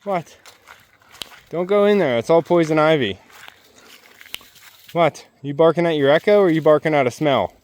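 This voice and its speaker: A man on a farm outdoors, gently and playfully coaxing his animals in casual talk. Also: fairly high pitch, expressive, normal speed, long pauses. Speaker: homestead vlogger.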